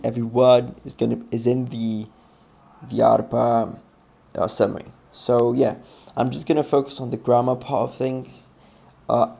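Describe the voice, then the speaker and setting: A man with a gravelly, mid-pitched voice talks students through grammar exercises in a recorded online lesson. He explains patiently, step by step. His sentences are full of fillers and restarts. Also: darkish tone. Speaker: English teacher.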